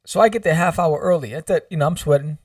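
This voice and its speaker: A man guesting on a podcast, telling a story in a lively, humorous way and acting out what people said. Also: fairly high pitch, quick pace, dry recording, clean studio sound, far from the mic. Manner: animated, humorous, acts out quotes. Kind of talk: casual storytelling.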